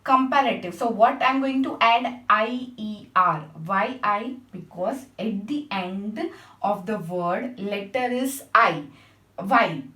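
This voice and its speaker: A woman's voice: mid-range voice, slow, bright, forceful tone. A woman teaching a grammar lesson, patiently spelling out letters and checking with her class. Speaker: English teacher. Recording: echoey room, mic at a distance.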